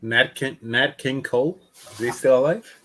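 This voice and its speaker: A man trading teasing banter with friends on a live stream, often laughing between lines. His voice sits at an ordinary middle pitch and he talks at an easy pace. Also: normal speed, fairly bright tone. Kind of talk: casual chat on a live stream.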